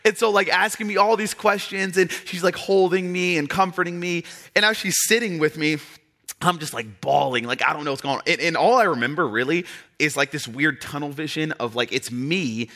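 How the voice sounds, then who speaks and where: A male pastor preaching a sermon in a casual, animated storytelling style, full of "like" and restarts. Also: a little high, a little fast. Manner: conversational and animated, with many fillers.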